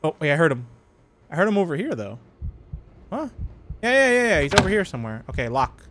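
Young man, gaming commentary, lively swinging voice, slightly high, steady noise behind. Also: fairly quick. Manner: jumpy, joking, laughs often. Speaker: gaming youtuber. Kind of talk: horror game commentary.

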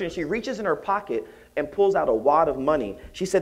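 A man giving a storytelling keynote at a conference, acting out the people in his story and rising to high exclaims. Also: fast, few pauses. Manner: animated, acts out voices, rises to high exclaims. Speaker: keynote speaker. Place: conference hall.

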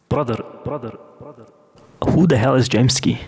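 A man's voice: mid-range voice, normal speed, a little mellow. A young man from Austria, answering fan questions in a brash, cocky, profane and joking way. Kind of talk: casual Q&A vlog.

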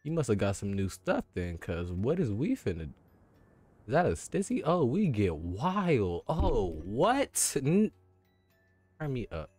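A man's voice: medium pitch, wildly swooping pitch, takes it slowly, a little mellow, slightly rough, soft background music. A young man casually commentating a horror game, loose and slangy, swearing often and sometimes singing along. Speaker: gaming streamer. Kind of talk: casual let's-play commentary.

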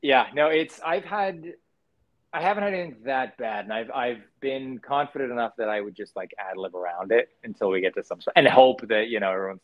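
A male actor chats as a guest, relaxed and candid, slipping into little acted-out quotes as he talks. His voice sits mid-range for a man. The sound is a bit dull and lo-fi. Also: medium pitch, a little fast. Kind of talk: casual interview chat.

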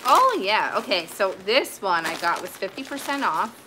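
A vintage reseller, sweaty and warm, chats casually in a haul video while showing off her finds, rambling with plenty of fillers and restarts. Her mid-range voice is very animated, at a moderate pace, over a noisy background.

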